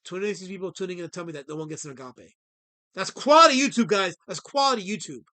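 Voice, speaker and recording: A man hosting a livestream, ranting at his chat in a theatrical, mock-indignant way and swinging between loud outbursts and low mutters. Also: expressive, rapid-fire. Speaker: livestream host.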